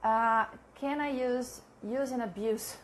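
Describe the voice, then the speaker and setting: A woman teaching a live online English lesson, chatting with viewers and repeating example sentences slowly, with frequent laughs. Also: a little high. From Brazil.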